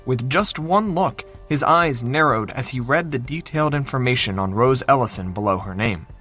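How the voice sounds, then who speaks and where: A man narrating a fantasy novel in an expressive, dramatic reading style. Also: mid-range voice, moderate pace, faint music behind. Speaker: audiobook narrator.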